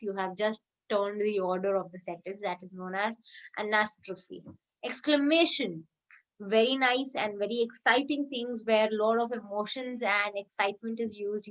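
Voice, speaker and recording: Woman teaching an online lecture. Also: on the high side. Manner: explains with spoken examples, frequent fillers and restarts. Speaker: English teacher.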